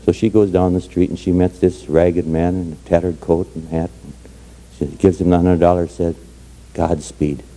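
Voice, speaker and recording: Hoarse, very dark-voiced man telling jokes. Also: low voice. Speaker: entertainer telling Irish jokes. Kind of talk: storytelling jokes to an audience. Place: parlor.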